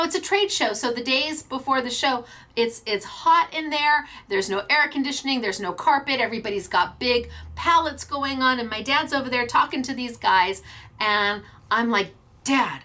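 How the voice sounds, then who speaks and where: Middle-aged woman, craft host, casual storytelling, bright forceful voice, slightly high. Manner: lively, laughing storyteller. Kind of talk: casual anecdote.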